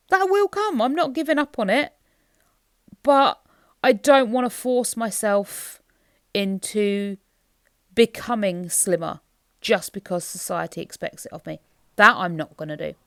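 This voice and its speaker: A woman's voice: mid-range voice, fairly bright tone, no echo, studio quality. Chatty woman vlogging at home. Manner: chatty, candid, self-deprecating, musing aloud. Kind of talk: rambling talk to camera. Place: home bedroom.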